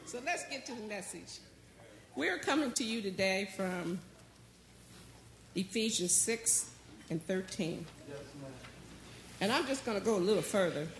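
A woman preaching a sermon as a guest speaker in church, calling out to the congregation and building toward near shouting. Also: mid-range voice, animated, unhurried, long pauses, slight background noise. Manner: call-and-response preaching, rising to near shouting. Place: church sanctuary. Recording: echoey church hall.

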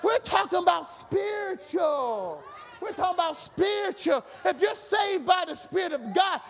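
High-pitched shouting male preacher. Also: big pitch swings, unhurried, a faint crowd. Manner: shouting, repetitive fervent preaching. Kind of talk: sermon. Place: church.

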